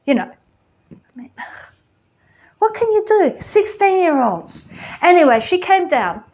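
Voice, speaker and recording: A woman's voice: very high voice, sing-song, measured pace, darkish tone, exaggerated voice. A woman playing a gossipy underworld goddess queen. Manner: chatty, gossipy, full of "like" and "you know". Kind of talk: comic character monologue.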